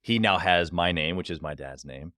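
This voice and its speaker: A man in his thirties hosting a podcast interview, reflective and affirming, sometimes growing animated. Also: low-pitched, normal speed, no room sound, studio quality. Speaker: podcast host.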